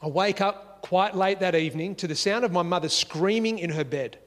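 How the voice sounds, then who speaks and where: An Australian man telling a personal story in a lively, conversational way, acting out the dialogue as he goes, seated at home at a dining table. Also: sits high, moderate pace, big-room sound. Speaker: speaker sharing a life story.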